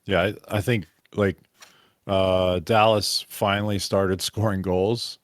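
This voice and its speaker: A man's voice: low-pitched, flat delivery, slow, no room sound, studio quality. A man co-hosting a podcast, chatting about hockey in a rambling, easygoing way and laughing easily. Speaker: podcast co-host. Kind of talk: casual sports chat.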